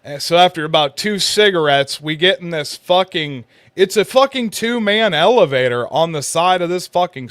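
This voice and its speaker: A man's voice: high voice, fairly bright tone, no echo, clean studio sound. A man telling a long profane story in casual podcast chat, rambling and crude. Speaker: co-host.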